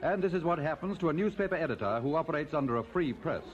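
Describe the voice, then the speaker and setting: Fast, lively 1950s newsreel announcer man. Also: fairly high pitch. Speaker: newsreel narrator. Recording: dull old newsreel audio with music.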